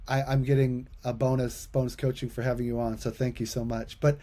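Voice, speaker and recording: Halting man hosting a podcast. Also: medium pitch, level tone. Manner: warm-hearted, halting, stammers and restarts. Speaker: podcast host. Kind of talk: podcast interview, casual chat.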